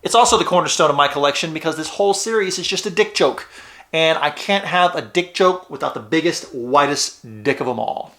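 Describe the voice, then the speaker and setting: A man's voice: a little high, animated, a little fast, a bit bright. A man giving a casual, rambling and jokey board game review, talking straight to his viewers.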